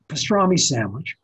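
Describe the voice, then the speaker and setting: An older man, a photographer telling stories as an interview guest with animated restarts. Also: on the high side, husky, poor audio. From the Bronx, New York. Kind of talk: conversational storytelling interview.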